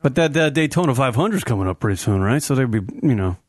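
A man's voice: mid-range voice, animated, quick pace, dry recording. Brash young male co-host, crude rambling rants, dry close sound. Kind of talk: casual crude comedy banter.

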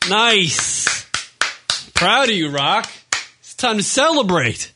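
A man's voice: high-pitched, lively intonation, unhurried, noisy background. A man co-hosting a radio show, in profane, teasing casual banter.

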